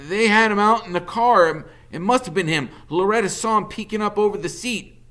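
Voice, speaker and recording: A man voicing a nervous male accomplice who stammers and rushes his words. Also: fairly bright tone. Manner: stammering, fast and high.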